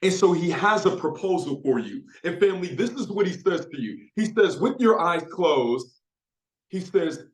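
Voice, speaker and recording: A man speaking as a motivational speaker, leading a guided visualization with drawn-out pauses and repeated phrases. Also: high-pitched, animated. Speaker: motivational speaker for insurance agents. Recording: echoey room.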